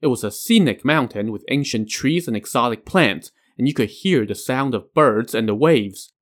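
A man's voice: mid-range voice, lively intonation, moderate pace. A man hosting a podcast, retelling a legend with casual asides. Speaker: podcast host. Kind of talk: storytelling narration.

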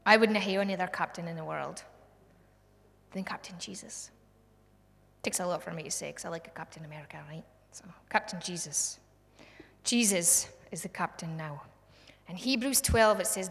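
A woman with a Scottish accent preaching a sermon, fervent, swinging from hushed to loud. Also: on the low side, moderate pace, creaky, long pauses. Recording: long hall reverb.

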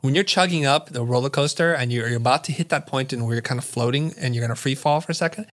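A middle-aged man, a guest in an interview, telling a story in an animated way and acting out the lines of the people in it. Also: mid-range voice, quick pace. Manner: vivid storyteller who acts out quoted dialogue.

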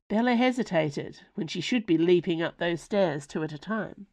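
A woman reading her own novella aloud in expressive, lively scripted narration. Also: fairly low pitch, unhurried, gravelly.

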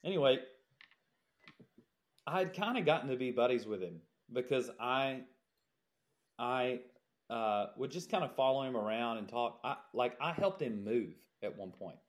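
A man's voice: mid-range voice, animated, normal speed, pauses often. A man co-hosting a podcast, telling a jobsite story in casual chat and laughing as he goes. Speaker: podcast co-host, builder.

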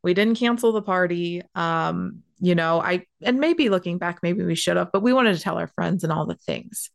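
A young woman with a fairly low-pitched voice tells a personal story in a chatty, animated way. She fills her sentences with "like" and runs on eagerly from one detail to the next. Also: moderate pace, gravelly. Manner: animated, chatty, heavy use of "like".

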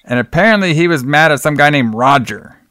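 An American man co-hosts a podcast, recapping a film in loose, profane, joking talk, blunt and jokey and saying "brother" a lot. His voice is fairly high with lively intonation and a sharp tone, and he talks fairly quickly. The recording is studio quality with no room sound.

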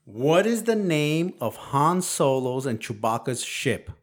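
A man's voice: mid-range voice, sing-song, slow pace, slight background noise. A man in his forties hosting a casual podcast, quizzing his young son playfully and teasing with frequent laughs. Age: 40s. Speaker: podcast host and father.

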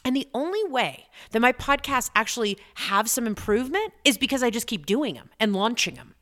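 A middle-aged woman hosting a podcast as a business coach, talking in an energetic, chatty way and repeating points for emphasis. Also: on the high side, a little fast. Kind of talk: motivational podcast talk.

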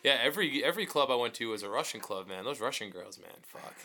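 A young man in casual conversation among friends, his voice bright and forceful. He talks loosely, with plenty of slang and profanity. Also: mid-range voice, lively intonation, fast, vocal fry.

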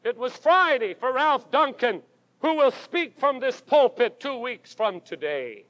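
A man's voice: very high-pitched, lively intonation, a little slow, fairly bright tone, dry recording. A man preaching a sermon from a church pulpit, with dramatic, rhythmic delivery and emphatic refrains. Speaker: pastor. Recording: dull lo-fi 1980s tape recording.

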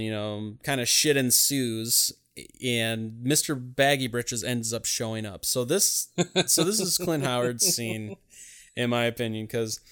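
Man with a smooth, clear voice. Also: mid-range voice. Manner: rambling, profane, animated storytelling. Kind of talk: casual chat recapping a film.

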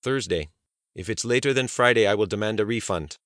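A man putting on a slow older schemer with an Arabic accent. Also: on the low side, fairly bright tone, no room sound, clean studio sound, voice pushed up, lightly acted. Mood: measured. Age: 60s. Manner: slow, deliberate, emphatic. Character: older man with thick-tongued accent, calm conspirator.

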